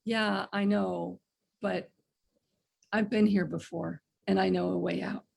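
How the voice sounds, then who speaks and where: A woman speaking as a calm male friend, slow and reassuring. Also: sits high, vocal fry, full character voice.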